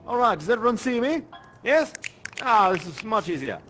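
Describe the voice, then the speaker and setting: A man's voice: sits high, sing-song, normal speed, a bit bright, soft background music. An actor playing a genteel, chatty male professor who guides visitors in a live virtual-reality performance, courtly and polite and chuckling often. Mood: genial. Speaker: live actor guiding players.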